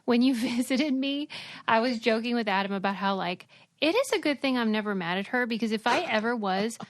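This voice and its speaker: Woman, podcast co-host, higher voice, playful and teasing, casual banter. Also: animated, a little fast, no echo, studio quality. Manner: playful, laughs often, teasing.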